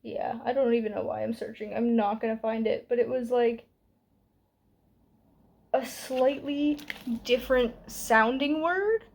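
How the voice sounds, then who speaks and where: Young female book vlogger, slightly high-pitched, candid and chatty with lots of fillers. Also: a little slow, creaky, long pauses. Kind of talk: casual book review vlog.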